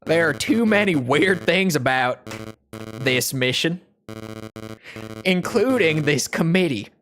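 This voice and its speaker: A woman's voice: low-pitched, expressive, takes it slowly, soft background music. A woman voicing a mocking male soldier in a put-on American Southern accent while reading game dialogue aloud. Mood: taunting.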